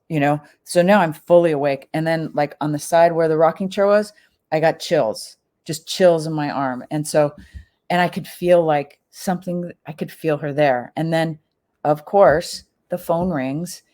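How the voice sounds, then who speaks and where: A middle-aged woman with a slightly low voice tells a personal story as a podcast guest. She talks casually, with many fillers, and acts out what people said in her quotes. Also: normal speed, a little mellow.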